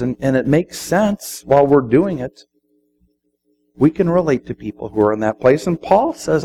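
A man's voice: a little high, a little mellow, a little hiss or hum, poor audio. A middle-aged man preaching a sermon, speaking conversationally and quoting scripture. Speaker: pastor.

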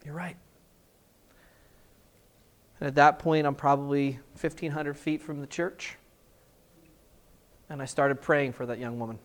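A male preacher telling a personal story in a sermon, animated, with emphatic repetition. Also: on the high side, normal speed, pauses often.

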